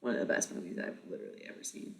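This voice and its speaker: A livestream host in their thirties, chatting casually with viewers, rambling, swearing freely and laughing often. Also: racing.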